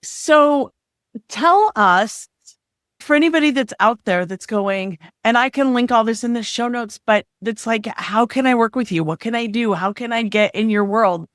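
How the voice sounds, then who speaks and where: A woman's voice: a little high, moderate pace, a bit bright, no room sound, clean studio sound. A woman hosting a podcast, talking in an upbeat, affirming way. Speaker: podcast host. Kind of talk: casual podcast interview.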